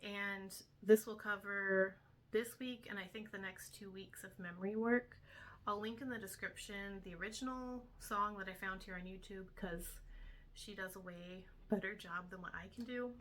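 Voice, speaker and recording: A woman's voice: medium pitch, steady tone, moderate pace, a bit bright. A young woman, a homeschool tutor, casually explaining her week's lessons step by step with frequent ums. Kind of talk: casual instructional talk to camera.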